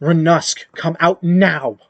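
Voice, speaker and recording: A man's voice: a little high, normal speed, breathy edge, dry recording, lo-fi sound. A man voicing a stern, urgent mother who gives curt commands in a tabletop game.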